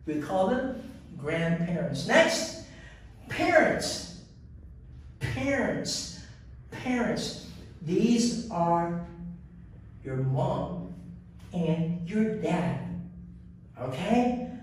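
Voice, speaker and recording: A man teaching an English lesson, drilling pronunciation by repeating each word three times in a slow, deliberate way. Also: fairly high pitch, expressive, a little mellow, slight background noise. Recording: echoey room, voice from a distance.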